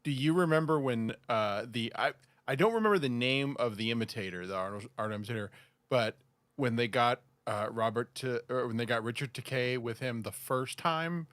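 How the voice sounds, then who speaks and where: A man's voice: medium pitch, normal speed, a bit bright, no room sound. A man co-hosting a podcast, stumbling over words and correcting himself in casual chat. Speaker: podcast co-host.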